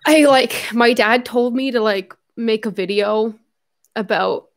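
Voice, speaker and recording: A young woman in her twenties hosts a casual livestream while tearful and crying. She speaks haltingly in a voice on the high side, with soft laughs.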